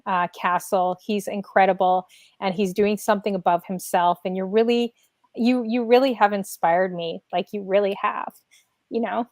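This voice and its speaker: A woman's voice: medium pitch, dry recording, studio quality. A woman hosting a live video stream, chatting casually and emotionally, rambling with many fillers. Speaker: livestream host. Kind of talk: casual livestream chat.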